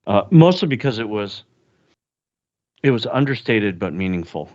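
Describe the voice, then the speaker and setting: Man, lowish voice, halting casual film talk, dull lo-fi sound. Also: big pitch swings, a little mellow. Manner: halting, many restarts and fillers. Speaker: podcast co-host. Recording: dull lo-fi audio.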